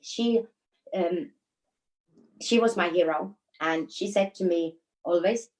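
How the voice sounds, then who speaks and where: A woman from Finland with a Finnish accent, chatting as a guest in an interview and telling stories with frequent laughs and pauses. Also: lowish voice, darkish tone, low-quality recording. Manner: storytelling with frequent laughs and hesitations. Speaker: guest, dancer. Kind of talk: casual interview chat.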